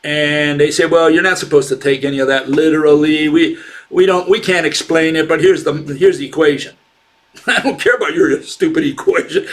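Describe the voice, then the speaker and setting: A man giving unscripted commentary as a channel host, scornful and argumentative, firing rhetorical questions with frequent fillers and restarts. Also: fairly high pitch.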